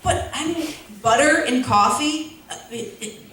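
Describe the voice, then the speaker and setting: A young woman with a high-pitched voice does a stand-up set at a measured pace, rambling through her jokes with lots of fillers and self-deprecating asides. She's performing in a school auditorium to a laughing audience, recorded from far off in the echoey hall, and the clip is very noisy.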